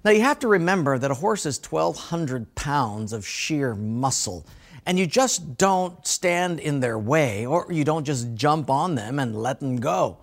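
Animated, lively-voiced male preacher. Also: a little high, a little slow. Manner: folksy storyteller, laughs at own jokes. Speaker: pastor. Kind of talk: sermon.

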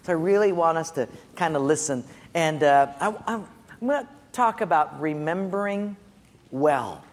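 A man preaching as a pastor, telling a lively story with acted-out voices before turning to his sermon. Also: fairly high pitch, normal speed. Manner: animated storytelling with acted-out quotes and laughter. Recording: long hall reverb with faint ambience.

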